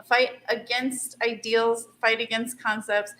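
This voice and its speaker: A woman as an interview guest, speaking calmly and firmly in casual conversation. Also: fairly high pitch, takes it slowly.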